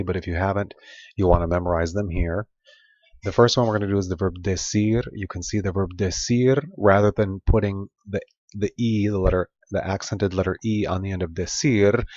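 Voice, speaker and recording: A man teaching a recorded Spanish grammar lesson, explaining patiently and repeating example phrases slowly. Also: low voice, darkish tone, dry recording. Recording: dull lo-fi sound, dry.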